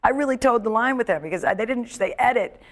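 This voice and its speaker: A woman's voice: on the high side, fast. Chatty comedian woman telling stories. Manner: chatty, animated storyteller, acts out quotes. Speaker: comedian guest. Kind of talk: casual talk-show chat.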